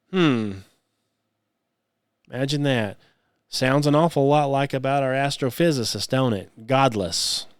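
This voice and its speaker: A man's voice: medium pitch, clean tone, no room sound, studio quality. A man hosting a solo podcast, speaking, mocking and sarcastic, full of rhetorical questions. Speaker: podcast host.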